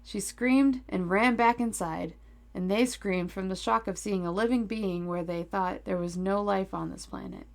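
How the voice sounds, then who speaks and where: A woman's voice: mid-range voice, moderate pace, creaky. A woman reading a children's story aloud on a podcast, playful and teasing in her asides, into a desk microphone.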